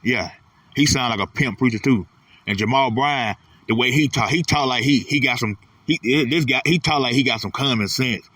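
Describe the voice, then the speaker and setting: A man's voice: medium pitch, normal speed, fairly bright tone, husky, no room sound, far from the mic. Blunt profane man ranting. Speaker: channel host. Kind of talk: casual ranting monologue.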